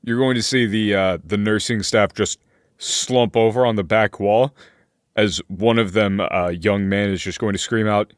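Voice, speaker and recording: A man running a tabletop game as game master, setting scenes in slow, deliberate description. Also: lowish voice, fairly even intonation, no room sound, clean studio sound.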